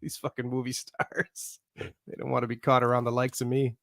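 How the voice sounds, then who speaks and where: A man's voice: medium pitch, flat delivery, fairly quick, creaky, fairly bright tone, dry recording, studio quality. A man co-hosting a podcast, talking in profane, mock-indignant banter. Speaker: podcast co-host. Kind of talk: casual banter.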